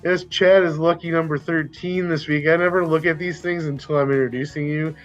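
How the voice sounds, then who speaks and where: A man's voice: fairly high pitch, highs cut off. A man hosting a sports podcast, chatting casually and rambling with restarts. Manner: rambling, self-correcting. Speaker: podcast host. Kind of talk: casual chat.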